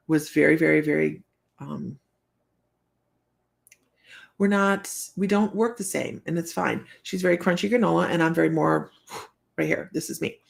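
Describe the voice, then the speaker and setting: Her voice sits low and sounds gravelly. As host of a laid-back live stream, this psychic reader rambles through stories, chats freely, laughs a lot, and leans heavily on fillers.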